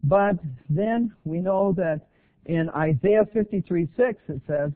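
An older man preaching an earnest, plain-spoken sermon to a congregation, with halting restarts. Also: high-pitched. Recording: tinny phone-like audio.

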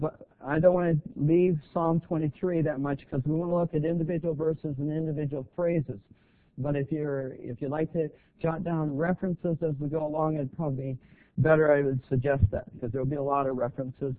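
A middle-aged man preaching a sermon, halting, with many fillers and rising emphasis. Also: a little high. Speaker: guest preacher. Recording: tinny phone-like sound.

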